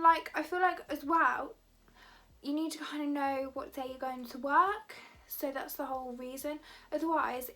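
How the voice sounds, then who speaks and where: Chatty high-voiced woman vlogger. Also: a bit bright. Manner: rambling, chatty, many "like" fillers. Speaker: beauty vlogger. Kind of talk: casual chat to camera.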